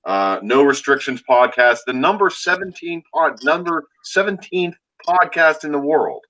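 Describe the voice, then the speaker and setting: A man's voice: fairly high pitch, expressive, moderate pace, sharp tone, low-quality recording. A man co-hosting a podcast, giving brief, friendly responses in casual chat. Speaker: podcast co-host.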